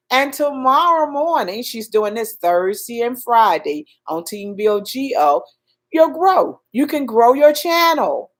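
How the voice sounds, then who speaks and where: A woman with a Southern accent chats through a livestream, greeting viewers by name and preaching encouragement in a folksy way. She talks slowly and deliberately. Her pitch leaps high and drops low, swinging between loud urging and soft asides. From Southern United States. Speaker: livestream host. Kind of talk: casual live-stream chat.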